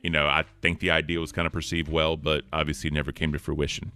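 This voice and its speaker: A man's voice: a bass voice, level tone, fast, pushed and bright, clean tone. A man hosting an online talk show, chatting casually and earnestly, rambling with fillers and thanking viewers. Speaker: show host.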